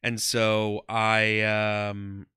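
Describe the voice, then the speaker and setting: A man's voice: lowish voice, completely flat delivery, very slow, sharp tone, smooth, no room sound. A man in his thirties, a comedian, talking casually in an interview, rambling with lots of "um" and "like". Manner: rambling, heavy on "um" and "like". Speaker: guest, comedian and former ring announcer.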